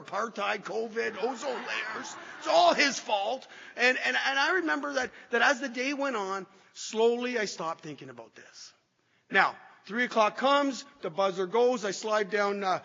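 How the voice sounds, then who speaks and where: Man, high voice, self-mocking storyteller, testimony in an echoey hall, dull lo-fi sound. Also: bright, forceful tone. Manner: self-deprecating storyteller with frequent restarts. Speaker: recovery speaker sharing his story. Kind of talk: personal testimony talk. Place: hall with a live audience.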